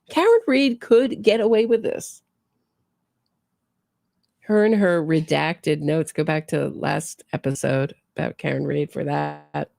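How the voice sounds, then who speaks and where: A woman hosts a true crime show, delivering incredulous, sarcastic commentary and firing off pointed questions. Her voice is dark with a gravelly creak, recorded close and dry. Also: on the low side, no room sound. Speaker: true crime podcast host.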